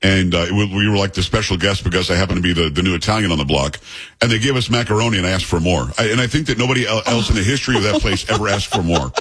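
A man's voice: on the low side, very fast, fairly bright tone, breathy edge. A man hosting a radio talk show, telling joking, rambling stories in casual banter. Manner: rambling, joking storyteller with restarts.

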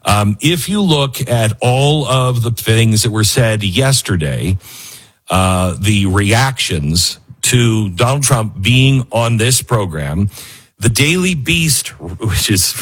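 A man hosting a political talk show, giving opinionated commentary in an animated way, laughing often and repeating himself for emphasis. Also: fairly low pitch, takes it slowly, breathy edge.

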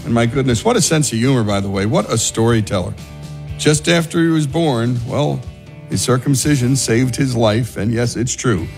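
A man's voice: mid-range voice, darkish tone. Man hosting a radio story show. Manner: enthusiastic, admiring. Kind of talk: warm radio outro.

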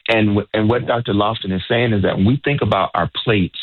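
A man with a lowish, slightly fast voice hosts a health-focused radio call-in show in a casual style. He's enthusiastic and encouraging and repeats himself often, and the audio has a narrow, phone-like quality.

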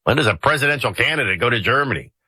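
A man's voice: medium pitch, expressive, racing, bright, forceful tone, husky, no echo. A male radio talk show host giving jokey, conversational political commentary from a studio mic, with frequent restarts.

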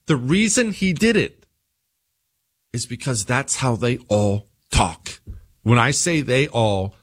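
A middle-aged man hosting a talk radio show, delivering an animated, mocking monologue and reading listener emails. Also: mid-range voice, slightly rough. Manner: animated, mocking, slips into sneering put-on voices.

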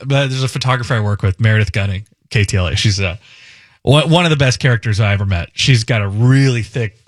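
A man's voice: on the low side, fast, no room sound, clean studio sound. A man hosting a radio talk show, chatting casually and laughing at the clips he plays. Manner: amused, animated commentary.

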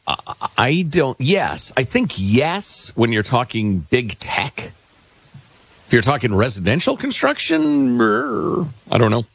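Husky, lively middle-aged radio host. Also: male voice, mid-range voice, slow, dry recording. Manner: dry, sarcastic, hesitant with fillers. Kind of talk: casual radio chat.

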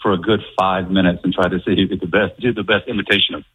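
A man with a very deep, husky voice calls in over a thin, tinny phone line. He talks fast and sounds friendly, eager to get his story out. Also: flat delivery. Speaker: radio caller. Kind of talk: phone-in call.

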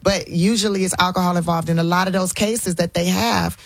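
A woman's voice: fairly low pitch, brisk, creaky, no echo. A woman talking as an interview guest in casual chat, telling stories bluntly in slang and laughing as she goes. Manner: blunt, colloquial storytelling with slang; animated, laughing storyteller.

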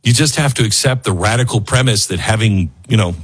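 A man hosting a talk radio show, rambling and animated as he jumps from aside to aside and reads ads in his own words. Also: lowish voice, a little fast, breathy edge. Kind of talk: talk radio monologue with host-read ads.

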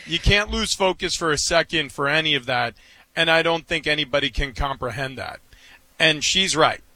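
A man's voice: on the high side, moderate pace, sharp tone, no echo, low-quality recording. A man co-hosting a sports talk show, speaking casually in an earnest, emphatic way.

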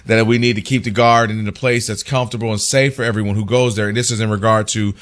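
A man co-hosting a casual sports talk show, recounting stories in a conversational, animated way. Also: on the low side, fast. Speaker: co-host.

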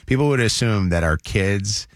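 A man's voice: fairly low pitch, expressive, normal speed, dry recording, studio quality. A man hosting a morning radio show, teasing upcoming segments in casual chat. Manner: promo-style teasers, laughs often.

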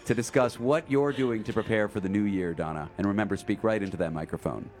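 Radio host, male, playful and teasing, deadpan delivery. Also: lowish voice, quick pace. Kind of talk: comedic call-in radio banter.

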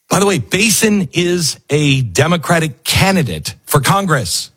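His voice is a little high, a bit bright and breathy, very animated yet unhurried. He hosts a laid-back news commentary show, delivering sarcasm and mimicking the voices of those he quotes.

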